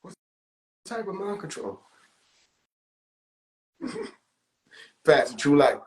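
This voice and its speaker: A young man with a high voice rants on a phone livestream, laughing often and cursing freely. His voice rings around an echoey room. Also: very slow. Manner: animated, laughing often, profane slang. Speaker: livestream host. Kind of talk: casual livestream rant.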